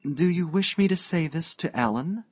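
A man reading an audiobook, voicing a composed, reserved older society woman who speaks in a measured, polite, restrained way. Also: fairly high pitch, lively intonation, a little mellow, breathy edge, pitched above the performer's own voice.

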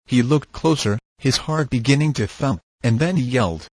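Man, audiobook narration, husky voice, measured, dry close sound. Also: medium pitch, lively intonation, a little mellow, dry recording.

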